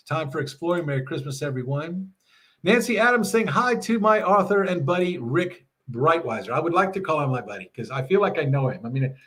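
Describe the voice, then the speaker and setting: A man hosting a live stream, chatting casually and reading out viewer comments while losing his voice. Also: on the high side. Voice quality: husky. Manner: animated, jokey, thanks viewers by name. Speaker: livestream host. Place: at his mother's house.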